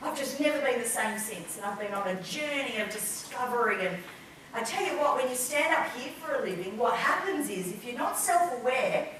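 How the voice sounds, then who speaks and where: Lively woman trainer, echoey room. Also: fairly high pitch, normal speed, a little hiss or hum. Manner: lively, acts out quoted people. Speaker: business trainer. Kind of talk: live workshop talk. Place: large room with an audience. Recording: echoey room, mic far off.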